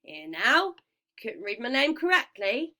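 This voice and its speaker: A woman voicing a smooth, cold and greedy male ferryman of the dead, with a vaguely British accent and a slow, sweetly menacing drawl. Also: fairly high pitch, big pitch swings, pushed and bright, heavily acted. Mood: silkily greedy.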